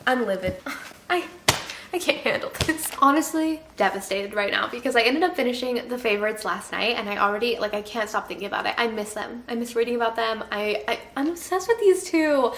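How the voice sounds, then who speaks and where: A woman in her twenties talks casually to the camera, gushing and animated and swearing when excited. Her voice sits a bit high. The room is echoey. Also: fairly quick, slight background noise. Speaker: book vlogger. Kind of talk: casual vlog talk.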